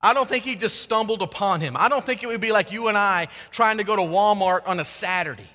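A male pastor preaching a sermon, swinging between loud emphasis and hushed tones. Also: high voice, a little fast. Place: church sanctuary with a congregation. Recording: long hall reverb.

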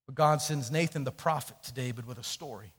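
A man preaching a sermon, telling a story and swinging from hushed, low passages to loud, emphatic questions. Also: fairly quick, breathy edge. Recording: long hall reverb.

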